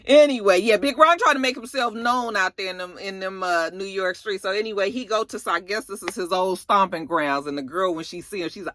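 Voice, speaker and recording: A woman's voice: mid-range voice, fairly quick, hardly any pauses, dry recording. A woman reviewing a TV episode in a casual, chatty recap, acting out the characters' lines as she goes. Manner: chatty, animated retelling with acted-out quotes. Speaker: TV review vlogger.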